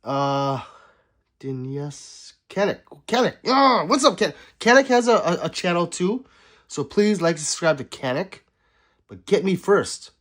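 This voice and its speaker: A man's voice: sits high, sing-song, a little slow, fairly bright tone. A man livestreaming casually, reading his chat aloud and joking back at viewers.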